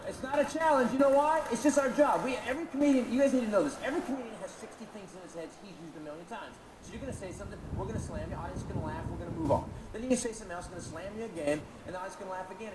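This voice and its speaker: A man doing a brash stand-up comedy routine on stage, animated and loud at times. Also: high voice. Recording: echoey venue with noise.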